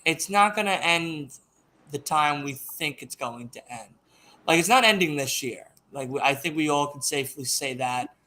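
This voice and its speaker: Bright-voiced podcast man, faint hiss. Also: a little high, expressive, moderate pace. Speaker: podcast co-host. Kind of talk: casual wrestling chat.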